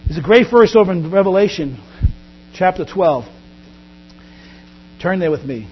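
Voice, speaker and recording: A man preaching a sermon as pastor, animated, often acting out Bible scenes in quoted voices. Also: sits high, measured pace. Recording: dull lo-fi recording with faint mains hum.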